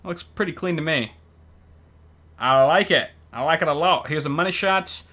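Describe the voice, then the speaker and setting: A man's voice: fairly high pitch, moderate pace, pushed and bright. A man hosting and casually commenting on builds in an easygoing, chatty way with lots of fillers. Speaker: host.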